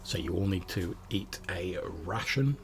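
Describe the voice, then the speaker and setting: Gravelly man narrating a tabletop game. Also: deep voice, a little slow, noisy background. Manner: casual, rambling with fillers. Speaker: game master.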